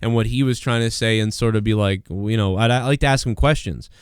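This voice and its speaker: A man's voice: on the low side, fairly even intonation, a little fast, clear, resonant tone, no room sound, clean studio sound. A man hosting a live stream show, chatting casually in a rambling, joking, slangy way.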